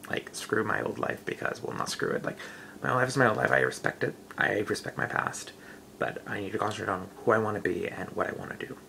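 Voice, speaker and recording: A man's voice: fairly low pitch, very animated, fast, gravelly, bright, forceful tone, a little hiss or hum, poor audio. A young man, rambling loosely in a casual late-night vlog, full of fillers. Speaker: vlogger.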